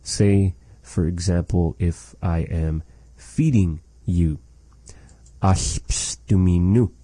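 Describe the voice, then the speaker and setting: A man teaching a language lesson, patiently saying phrases slowly and repeating them for practice. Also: sits low, steady tone, dark tone, no echo.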